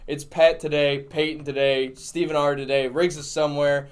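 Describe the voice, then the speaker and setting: Slightly high-voiced male host, playful and casual, running the sports chat. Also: flat delivery, normal speed, clean tone. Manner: playful, wraps up the show. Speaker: podcast host.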